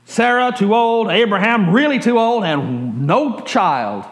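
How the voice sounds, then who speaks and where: A man's voice: sits high, expressive, a little slow, roomy sound. A man preaching a sermon, telling stories animatedly and acting out quotes with chuckles. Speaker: pastor.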